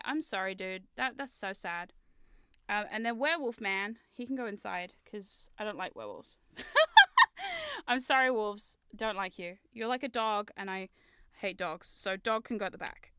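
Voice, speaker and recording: Brief: chatty woman streamer, higher-pitched, crisp, loud swearing outbursts. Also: dry recording. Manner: chatty, swears, laughs often, exclaims loudly. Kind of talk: casual live-stream chat.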